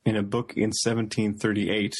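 A man co-hosting a casual chat, sharing trivia with many pauses and fillers. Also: fairly low pitch, flat delivery, slightly rough. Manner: hesitant, filler-heavy trivia telling. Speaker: podcast co-host.

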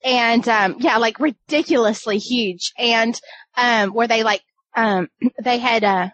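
Woman co-host, slightly high voice, dry close sound, rambly storyteller full of "um" and "like.". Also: slow pace, fairly bright tone, no room sound, lo-fi sound. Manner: rambling, many fillers and restarts. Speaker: podcast co-host, wedding photographer. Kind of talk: casual chat, storytelling.

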